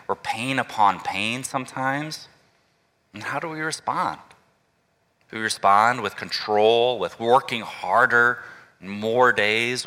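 A male pastor preaching a relaxed, conversational sermon and inviting the congregation to call out answers. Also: lowish voice, big-room sound. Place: church sanctuary.

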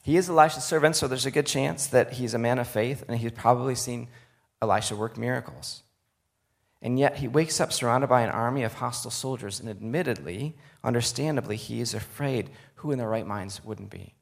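A man's voice: medium pitch, a little fast, vocal fry. A man preaching a sermon, reading scripture aloud and turning to the listeners with earnest, conversational asides.

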